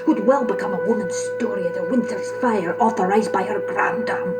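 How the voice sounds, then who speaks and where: A woman's voice: medium pitch, fairly quick, over loud music, natural voice. An actress playing Lady Macbeth, a commanding, scheming queen, speaking poised and scornful Shakespearean verse in an audio drama. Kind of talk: audio drama recording of a stage play.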